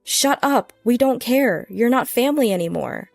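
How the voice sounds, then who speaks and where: A man's voice: extremely high pitch, expressive, normal speed, gravelly, no echo, soft background music, pitched above the performer's own voice, full character voice. A woman voicing a stern, curt father who turns away his daughter. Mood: cold. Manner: curt, dismissive. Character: stern unforgiving father, older man.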